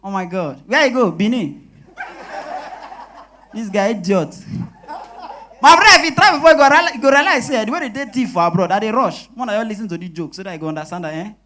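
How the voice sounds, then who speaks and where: A young man with a Nigerian accent doing stand-up comedy in Pidgin, animated and switching voices for his characters. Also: high-pitched, quick pace, pauses often. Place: live comedy show stage.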